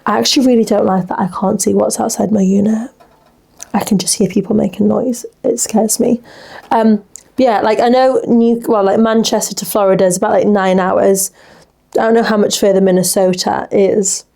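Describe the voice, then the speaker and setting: A woman's voice: mid-range voice, steady tone, moderate pace, gravelly, dark tone. A young woman from England, hosting a podcast in casual, chatty talk and giving frank advice. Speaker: podcast host reading listener messages. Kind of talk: casual chat.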